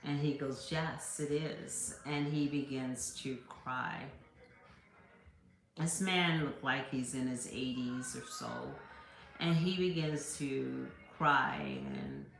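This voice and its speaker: A woman with a strikingly deep voice speaks slowly and earnestly, reading tarot and sharing a heartfelt story with her viewers. She hesitates often and restarts her sentences. The sound rings in an echoey room. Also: animated, fairly bright tone, faint music behind. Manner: hesitant, many fillers and restarts. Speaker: tarot card reader.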